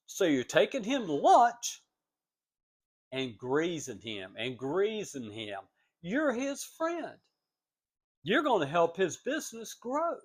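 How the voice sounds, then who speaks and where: A man recorded at home, unhurried and casual, telling a long story about his family. His voice sits a little high and swings hugely in pitch as he slips into the people he quotes. He talks slowly, pausing between short phrases. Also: huge pitch swings, slightly rough. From United States. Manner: rambling, acts out quoted voices with big pitch jumps. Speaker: vlogger telling family stories.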